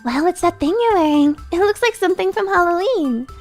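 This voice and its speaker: A woman's voice: extremely high pitch, lively intonation, brisk, faint music behind, voice pushed up. A woman voicing a cheerful, giggly young girl in a game, with a bubbly, laughing manner. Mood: bright.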